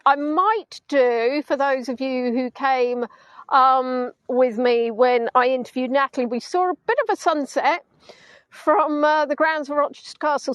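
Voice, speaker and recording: A middle-aged woman from Hampshire with a southern English accent, chatting warmly with viewers while leading a live virtual tour outdoors on a beach. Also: high voice, no room sound, poor audio. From England (Hampshire). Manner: chatty, affectionate, answering viewers' comments.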